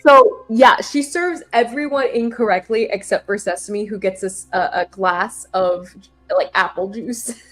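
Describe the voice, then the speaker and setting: A woman's voice: medium pitch, unhurried, a bit bright, faint music behind. A woman running a tabletop game as game master, chatty and giggly, with many fillers and restarts.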